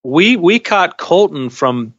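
A man co-hosting a podcast in casual chat, measured and wry, often restarting his sentences. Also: on the high side, animated, a bit bright. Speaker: podcast co-host. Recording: dull lo-fi sound.

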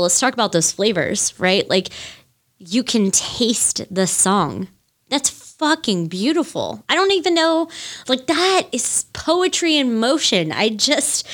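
Rambling, gushing woman podcaster, low voice. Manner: rambling, gushing, many fillers and swears. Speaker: podcast host. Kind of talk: casual solo music chat.

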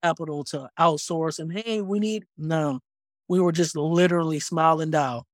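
A man in his thirties, a podcast guest, tells his story in an animated, casual way, pausing on plenty of ums. His voice is a bit high for a man. The recording is dry and close with no room sound.

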